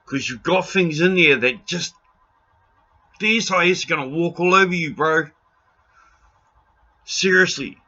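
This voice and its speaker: A man's voice: on the high side, measured pace, pauses often, pushed and bright, dull audio. A New Zealand man in an impassioned rant to camera, blunt and pleading, raising his voice and swearing freely. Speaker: video blogger.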